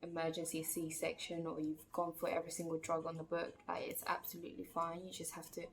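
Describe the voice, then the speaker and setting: A woman's voice: deep voice, completely flat delivery, brisk, vocal fry, slight background noise. A woman telling a personal story in a casual, chatty vlog, full of fillers and acted-out quotes. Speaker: vlogger.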